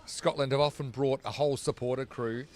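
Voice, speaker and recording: Steady in tone and a little mellow, an Australian man speaks briskly at medium pitch while commentating live cricket. He chats between balls and stops to call each piece of play.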